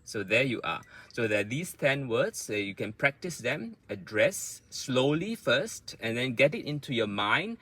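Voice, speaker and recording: A man's voice: mid-range voice, lively intonation, moderate pace, hardly any pauses, pushed and bright, poor audio. A man teaching English pronunciation, patiently explaining word stress step by step, with frequent fillers. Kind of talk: pronunciation lesson.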